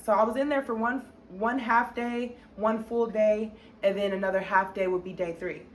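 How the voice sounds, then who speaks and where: A young woman vlogger telling a storytime in an animated, expressive way, with many fillers. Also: medium pitch, normal speed. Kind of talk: storytime narration. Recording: echoey room with faint noise.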